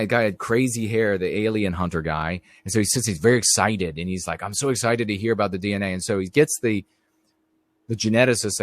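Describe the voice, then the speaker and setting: Speaking straight to his audience, this middle-aged live stream host wanders through stories in a relaxed monologue. His voice sits on the low side, and the recording has no echo.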